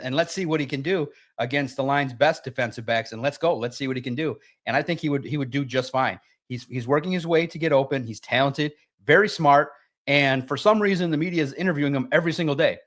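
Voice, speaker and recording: Sports-show co-host, male, higher-pitched, lively and emphatic delivery. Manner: animated, emphatic, jumps into sharp high pitch for emphasis. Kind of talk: casual sports talk.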